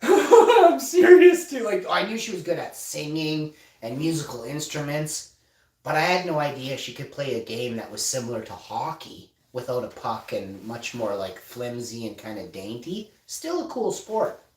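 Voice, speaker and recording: A man in his forties hosting a livestream, telling a story in a casual, animated way and breaking into loud excited shouting. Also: mid-range voice, normal speed, distant mic. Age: 40s. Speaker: livestream host. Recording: roomy sound, off-mic.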